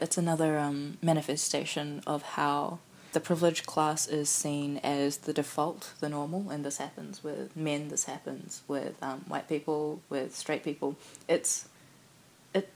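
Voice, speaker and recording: A woman's voice: low voice, unhurried, vocal fry, darkish tone, a little hiss or hum. A woman from New Zealand in casual conversation, thoughtful and reflective with fillers.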